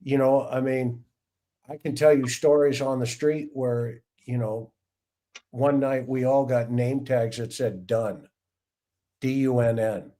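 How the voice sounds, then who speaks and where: A man's voice: medium pitch, slow pace. A middle-aged man hosting a livestream, telling anecdotes from his years as a police officer and acting out the people in them. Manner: animated anecdotes with acted-out voices. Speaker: podcast host, retired police officer. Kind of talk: casual livestream storytelling.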